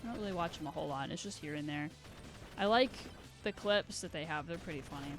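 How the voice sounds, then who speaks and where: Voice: medium pitch, fast. Rambling, giggly live streamer. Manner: rambling, self-deprecating, giggly asides. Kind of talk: casual gaming stream chat.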